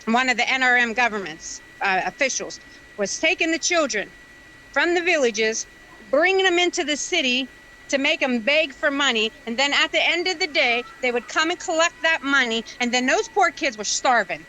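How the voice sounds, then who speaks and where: A woman pleads her case with raw, sermon-like emotion. Her voice sits high and rings bright as she hammers each point home. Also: animated, normal speed, slight background noise, low-quality recording. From United States. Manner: emotional, preachy, emphatic. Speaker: guest speaker. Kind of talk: impassioned political appeal.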